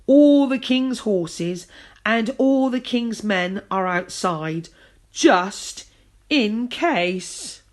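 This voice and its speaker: A clumsy, boastful storybook egg, as a woman reading aloud puts him on, stretching his words out slowly and proudly. His voice is fairly loud and swings up and down. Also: mid-range voice, expressive. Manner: slow and boastful.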